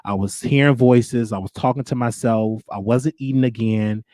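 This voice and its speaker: A young man at a middle pitch tells his own story plainly and candidly. He stops and restarts often as he goes. The recording is dry and close, with no room sound. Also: fairly even intonation, dark tone, no echo. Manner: candid, halting, with frequent restarts. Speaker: show host. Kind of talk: personal storytelling.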